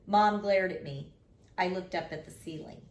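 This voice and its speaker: A woman's voice: lowish voice, moderate pace. A woman reading a children's chapter book aloud, narrating expressively in the first person. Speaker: storyteller. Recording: roomy echo.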